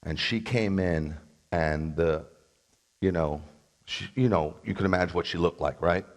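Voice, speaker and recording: A man's voice: sits low, a little slow. Blunt, combative man preaching a sermon. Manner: blunt, combative, sarcastic asides. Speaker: rabbi.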